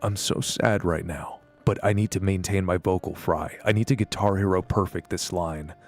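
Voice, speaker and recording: A man puts on a self-serious voice actor who sobs yet keeps a gravelly, polished fry. The impression sinks far below his usual voice and is delivered with mocking exaggeration. Faint music plays underneath. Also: deep voice, fairly even intonation, moderate pace, pitched below the performer's own voice.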